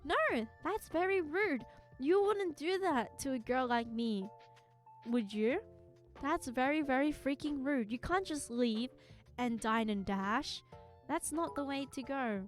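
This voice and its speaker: A woman streamer chats casually with her viewers. She is playful and teasing and giggles easily. Her voice is high and her pace unhurried, and soft music plays behind her. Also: lively intonation. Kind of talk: casual chat.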